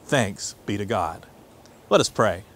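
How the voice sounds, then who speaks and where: Lively, expressive male pastor preaching. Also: lowish voice, slow. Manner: expressive storytelling, swings between loud and hushed. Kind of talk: sermon with scripture reading.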